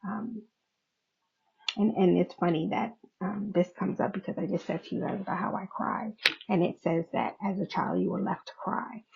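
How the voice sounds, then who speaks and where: Gravelly, husky woman host talking frankly. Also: mid-range voice, steady tone, moderate pace. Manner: frank, laughs often, swears casually. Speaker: podcast host. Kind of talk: candid personal talk. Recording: dull lo-fi recording.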